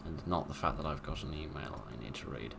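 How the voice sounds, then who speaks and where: A deep-voiced British man commentating on a horror game. He is wry and sarcastic and rambles through his jokes. There is a faint hiss of noise behind him. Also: brisk, vocal fry, sharp tone. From Britain. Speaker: let's-play host. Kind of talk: casual gameplay commentary.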